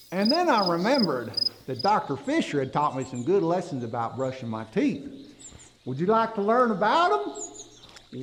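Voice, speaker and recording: A man puts on a goofy backwoods storyteller for a kids' show, high-voiced and drawling. His pitch swoops all over the place while he tells tall tales, and he takes his time over every word. Faint noise hums behind him. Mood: folksy teaching. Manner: drawling, folksy, animated, talks to kids. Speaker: kids' dental educator. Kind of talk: comic storytelling for children.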